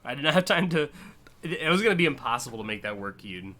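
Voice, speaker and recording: A young man with an American accent talks through a live stream in loose, rambling commentary. His voice is bright and forward at an ordinary mid pitch, peppered with "uh" and "like" and short bursts of laughter. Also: very animated. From United States. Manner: rambling and chatty, with frequent uh and like, quick laughs. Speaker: streamer hosting a community car contest.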